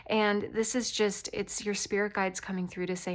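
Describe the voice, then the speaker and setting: A woman with a light voice gives an intuitive tarot reading straight to her viewers. Her pitch sits in the middle of a woman's range, and she talks in an earnest, reassuring way that wanders a little as she goes. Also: flat delivery, moderate pace, few pauses. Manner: earnest, reassuring and gently rambling. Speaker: tarot reader.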